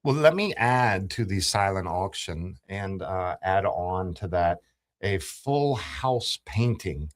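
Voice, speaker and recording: A man's voice: deep voice, lively intonation, slow. A man hosting a morning radio talk show in a studio, chatty and joking. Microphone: studio microphone.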